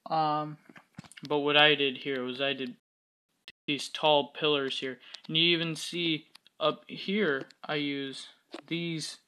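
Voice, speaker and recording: A man's voice: fairly high pitch, pushed and bright. A man hosting a casual tutorial on building, talking in a hesitant way with lots of fillers and self-mocking asides. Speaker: Minecraft building tutorial host. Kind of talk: casual screen-recorded tutorial commentary.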